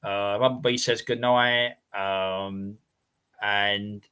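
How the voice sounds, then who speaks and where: A man's voice: lowish voice, fairly even intonation, extremely slow, bright, forceful tone, smooth. An English man hosting a casual live stream chat, rambling and repeating his words as he reads out viewer names. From England.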